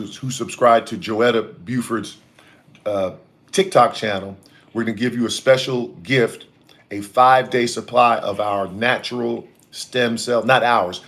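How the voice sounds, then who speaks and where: A man's voice: on the low side, fairly bright tone. Middle-aged man, casual health talk. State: irritated throat, coughing. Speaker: host. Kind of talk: casual chat.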